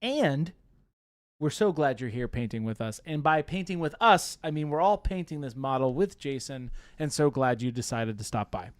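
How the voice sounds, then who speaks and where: A playful, teasing man co-hosts a live painting stream, reading chat aloud and cracking jokes. His voice sits at an ordinary pitch and is recorded close and dry, with no room sound. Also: expressive, moderate pace, no room sound.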